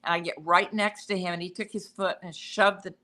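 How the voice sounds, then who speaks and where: A woman chats as a guest on a talk radio show and tells a lively story. Her voice is slightly low but bright and forceful. She acts out the lines of the people in her story. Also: brisk. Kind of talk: casual chat, anecdotes.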